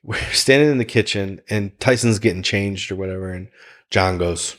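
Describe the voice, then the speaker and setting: A man talking casually on a podcast, telling animated stories and laughing often. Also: on the low side, moderate pace. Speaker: guest, fighters' chef.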